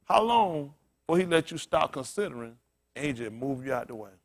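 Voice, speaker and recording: A male pastor preaching in an easygoing, conversational way, with a voice that sits a little high for a man. He tells stories and throws rhetorical questions at the congregation, climbing to loud excited peaks and then sinking to near-murmurs. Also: fairly quick. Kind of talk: sermon.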